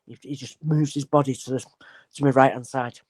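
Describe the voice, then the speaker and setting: A woman's voice: very deep voice, brisk, no echo. A woman, a spirit medium guest telling stories casually and acting out the voices in them. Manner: animated, acts out voices in anecdotes. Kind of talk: casual storytelling conversation.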